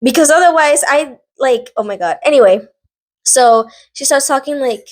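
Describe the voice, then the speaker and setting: A woman vlogger casually recapping a drama series, animated and rambling, filling her talk with "like" and side notes. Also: sits high, moderate pace. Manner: animated, rambling, heavy use of "like".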